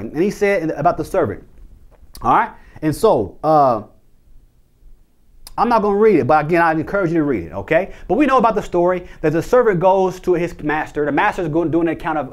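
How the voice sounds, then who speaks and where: A young man preaching a sermon as a minister, conversational, with frequent restarts and asides. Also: sits high.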